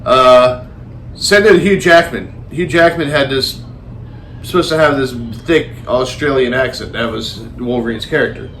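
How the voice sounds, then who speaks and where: Rambling, animated male podcast host. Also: mid-range voice, moderate pace, a little hiss or hum. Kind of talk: casual movie review chat.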